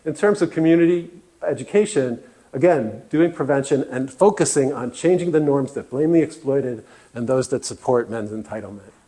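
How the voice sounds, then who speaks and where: Earnest man with a mellow voice. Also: mid-range voice, expressive, moderate pace, breathy edge. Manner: earnest, with fillers and restarts. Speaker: guest speaker. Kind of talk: presentation talk. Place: meeting room.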